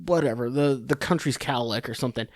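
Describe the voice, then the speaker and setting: Rambling, sarcastic podcast host. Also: male voice, mid-range voice, fast talker, no echo, clean studio sound. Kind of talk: casual political commentary.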